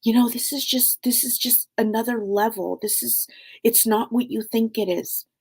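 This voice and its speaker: A woman relaying the gentle, urging words of a late father's spirit, in her own gravelly voice lifted a little. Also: a little high, fairly even intonation, moderate pace, pitched above the performer's own voice. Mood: encouraging.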